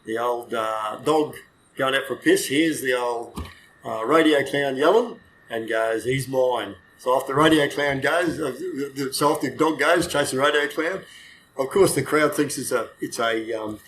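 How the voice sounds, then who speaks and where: A man's voice: medium pitch, normal speed, fairly bright tone, slight background noise, rough recording. Rambling older Australian man telling stories. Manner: rambling, self-correcting, swears freely. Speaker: retired police dog handler, guest. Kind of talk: casual storytelling chat.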